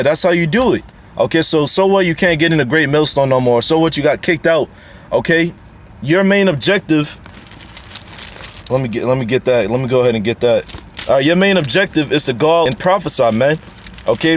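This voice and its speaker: Man, informal lay preacher, slightly high voice, casual repetitive delivery, slow scripture reading, faint traffic noise behind. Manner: casual, repetitive, tags lines with "man" and "okay?"; reads scripture aloud slowly between remarks.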